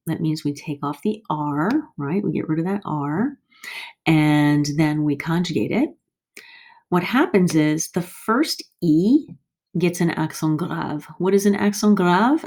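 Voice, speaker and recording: A woman teaching a French lesson, slowly and carefully modeling each verb form for learners to repeat. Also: sits low, darkish tone. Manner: slow, careful modeling of pronunciation. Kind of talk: screen-share language lesson.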